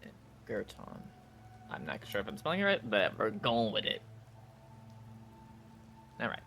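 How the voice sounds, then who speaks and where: A man's voice: fairly low pitch, huge pitch swings, measured pace, vocal fry, pushed and bright, slight background noise. A man playing in a tabletop game, chatting casually and correcting himself as he goes. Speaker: player.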